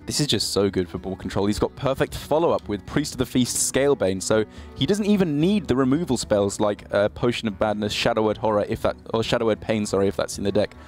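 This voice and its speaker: A man's voice: lowish voice, fast, few pauses, darkish tone, faint music behind. Analytical man casting a card game. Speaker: esports caster.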